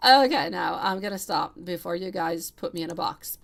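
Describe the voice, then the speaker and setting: A woman's voice: on the low side, little pitch movement, normal speed, gravelly. A woman giving a live tarot reading, chatty and affectionate, calling viewers sweetie and love between giggles. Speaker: tarot reader.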